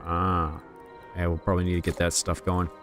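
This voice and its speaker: A man chatting casually on a game livestream, rambling and relaxed as he talks to his viewers while playing. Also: low voice, brisk, soft background music. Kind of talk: casual gaming livestream chat.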